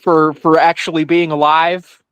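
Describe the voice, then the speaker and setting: A man's voice: on the high side, flat delivery, unhurried, fairly bright tone, clean tone, no room sound. A man co-hosting a podcast, chatting casually and agreeably about movies. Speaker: podcast co-host.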